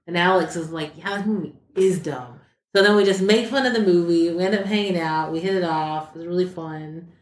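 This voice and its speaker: A woman from Texas, a guest on a chat podcast, telling a story in a lively way and acting out the quoted lines in raised voices. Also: fairly low pitch, brisk, hardly any pauses. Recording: echoey room.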